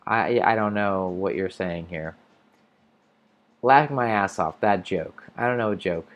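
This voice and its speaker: On his English-learning livestream, this American host talks in a deep voice, a little slowly. He casually responds to viewer comments, thinking out loud and restarting his sentences.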